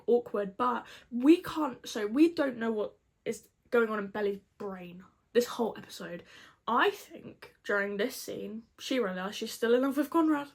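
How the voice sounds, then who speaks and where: A young woman recapping a TV episode to camera in a gushing, dramatic, chatty way. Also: on the high side. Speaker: vlogger.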